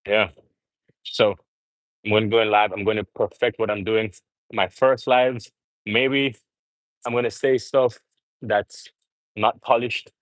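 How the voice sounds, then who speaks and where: A young man with a fairly low voice talks casually and earnestly to his live viewers between sets at the gym. His delivery rambles and he speaks straight to the audience. The sound is close and dry, with little room echo. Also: flat delivery, unhurried, long pauses. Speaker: vlogger livestreaming from the gym. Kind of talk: casual live-stream chat.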